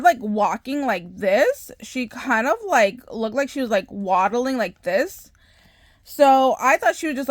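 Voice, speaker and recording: A woman hosting a craft channel, telling a story in a chatty, animated way with frequent laughs and filler words. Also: a little high, no echo. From Southern California. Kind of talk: casual storytelling vlog.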